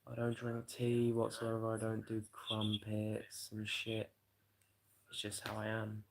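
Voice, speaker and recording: Gravelly low-voiced British man rambling. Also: completely flat delivery, measured pace, poor audio. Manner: loose and rambling, peppered with swearing and "you know". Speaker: live streamer. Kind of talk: rambling casual livestream chat.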